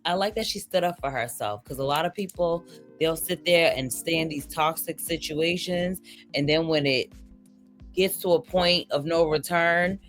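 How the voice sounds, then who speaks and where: A woman with a notably low voice talks through her thoughts in a casual, reflective way. Soft music plays faintly under her. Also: moderate pace. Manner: reflective, conversational. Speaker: commentator. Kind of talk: casual commentary.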